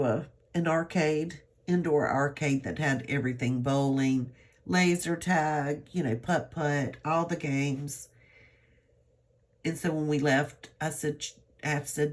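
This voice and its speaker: A woman's voice: low voice, measured pace. A woman, chatting to her viewers in a rambling, earnest, encouraging way. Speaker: vlogger. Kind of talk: casual talk to camera.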